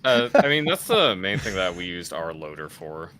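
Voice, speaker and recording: A man chatting casually in a relaxed, rambling way. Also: deep voice, normal speed. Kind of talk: casual voice chat.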